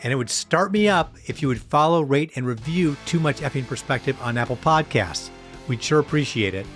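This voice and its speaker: A man's voice: mid-range voice, lively intonation, a little fast, fairly bright tone, faint music behind. A man hosting a podcast, reading scripted intros and outros full of puns. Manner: punning, upbeat announcer. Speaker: podcast host.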